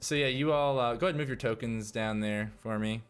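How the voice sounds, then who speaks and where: A man's voice: medium pitch, fairly quick. A man narrating as game master of a sci-fi tabletop game, casual and full of fillers and sound effects.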